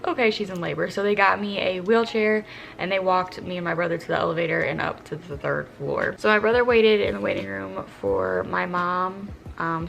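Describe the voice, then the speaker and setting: A young woman with a gravelly, lower-pitched voice retells her story in a candid, animated way, cursing freely. A faint hum of room ambience sits behind her. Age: young adult. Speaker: vlogger. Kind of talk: casual storytelling.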